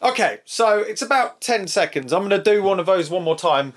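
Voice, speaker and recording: A man's voice: sits high, animated, fairly quick, fairly bright tone. Chatty man tinkering aloud. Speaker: museum owner demonstrating an answering machine. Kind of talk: casual hands-on demonstration.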